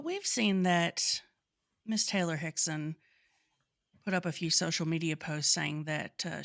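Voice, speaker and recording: A woman's voice: fairly low pitch, a bit bright, no room sound, clean studio sound. A woman co-hosting a podcast in casual chat, sounding sick, playful and enthusiastic. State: sick, lowered voice. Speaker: podcast co-host.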